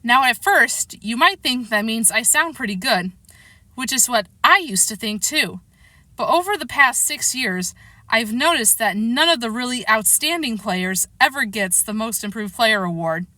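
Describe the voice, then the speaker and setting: A woman reads a children's novel aloud in a lively, expressive first-person voice. Her tone is bright and a little high, and the close recording is dry with no room around it. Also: moderate pace, dry recording. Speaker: storybook reader.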